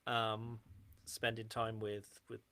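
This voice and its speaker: A man in a podcast call, chatting casually in a relaxed way and trailing off softly. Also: lowish voice, slow. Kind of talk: casual chat.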